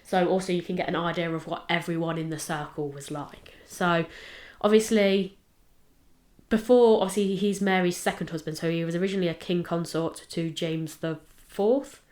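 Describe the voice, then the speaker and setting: A woman talks through a history case on a podcast. Her voice sits a little low, and she chats casually, rambling and checking herself as she goes. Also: steady tone, normal speed, a little mellow. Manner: chatty, rambling, with fillers and self-checks. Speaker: podcast co-host presenting the case. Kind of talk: casual chat.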